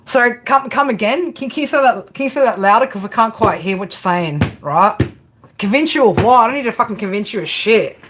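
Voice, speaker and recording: A woman's voice: on the high side, expressive, brisk, fairly bright tone, slight background noise. Profane, laughing tarot streamer woman. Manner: casual, profane, laughs often, talks back to chat. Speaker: tarot reader. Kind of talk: live stream tarot reading, chatting with viewers.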